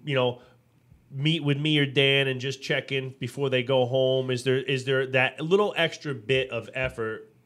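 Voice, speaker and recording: On a casual business podcast, the male co-host speaks at a medium pitch and moderate pace. He brings animation to his stories, acts out quotes, and fills his talk with fillers and repeated restarts.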